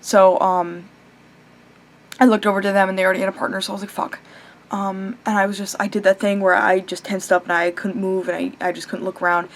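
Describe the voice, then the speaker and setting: A young woman rambling casually in a late-night vlog, chatty and animated, full of fillers, restarts and casual swearing, now and then breaking off to talk to her pet. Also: medium pitch, fast. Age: young adult. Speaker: vlogger.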